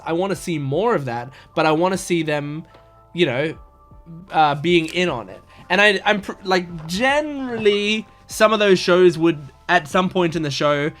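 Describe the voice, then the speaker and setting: Young guy rambling excitedly about a show, voice a bit on the high side, lots of ums and restarts, faint music underneath. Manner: chatty and enthusiastic, with many fillers and restarts. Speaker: anime reaction YouTuber. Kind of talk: casual rambling commentary.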